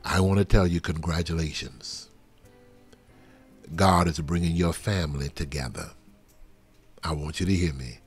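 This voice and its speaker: A man leading a live prophetic prayer over a livestream, fervent and swinging from soft murmurs to loud exclamations. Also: rumbling low, a little slow, pauses often, husky, faint music behind. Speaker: pastor. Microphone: livestream webcam.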